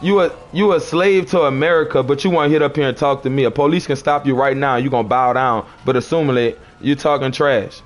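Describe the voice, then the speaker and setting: A man's voice: medium pitch, fairly quick, few pauses. A man on a livestream, arguing with chat commenters in a preachy, confrontational way and repeating his phrases.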